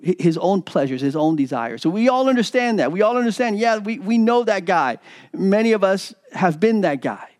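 A man's voice: high-pitched, expressive, moderate pace, a little mellow. A man preaching a sermon as pastor, retelling a parable with repeated words and acted-out quoted lines. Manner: preaching with repetitions, acting out quoted voices.

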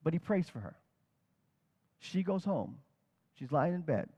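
A man's voice: on the high side, measured pace, breathy edge, big-room sound. A man telling stories in a sermon, acting out the people he quotes as he tells them. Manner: animated retelling that acts out quoted speakers. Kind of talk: storytelling sermon.

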